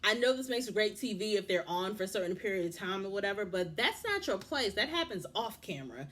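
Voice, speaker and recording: Animated woman recapping a TV show. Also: medium pitch, brisk. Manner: animated, indignant, talks straight to people on the show. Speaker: TV recap vlogger. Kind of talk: casual TV recap commentary.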